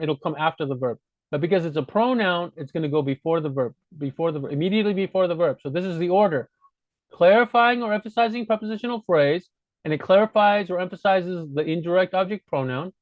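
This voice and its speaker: A man's voice: on the high side, no echo, phone-quality sound. A man teaching a grammar lesson in a casual, explanatory way, often correcting himself and checking in with "right?". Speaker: Spanish teacher. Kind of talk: screen-recorded grammar lesson.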